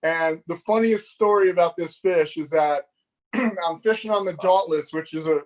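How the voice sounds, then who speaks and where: Man, middle-aged, high-pitched, animated, laughing, voices other people in his stories, casual live chat. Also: normal speed. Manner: animated, laughing, acts out dialogue. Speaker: fishing magazine editor, guest. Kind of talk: casual storytelling on a live show.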